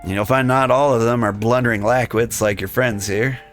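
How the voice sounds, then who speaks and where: A man voicing a sly male rogue, talking in rough thieves' slang. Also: medium pitch, steady tone, moderate pace, faint music behind, natural voice. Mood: reassuring. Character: gruff male rogue guild member, sly and streetwise. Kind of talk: reading game dialogue aloud.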